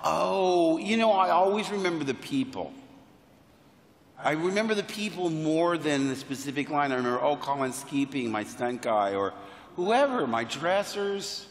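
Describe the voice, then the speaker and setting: A man tells playful, enthusiastic stories from a convention stage. His voice sits a little high for a man. It rings through a large, echoing hall with a long reverb tail. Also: very animated. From United States. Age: 60s. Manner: playful, enthusiastic, quick asides and self-deprecating jokes. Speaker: convention panel guest. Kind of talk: animated anecdotal storytelling.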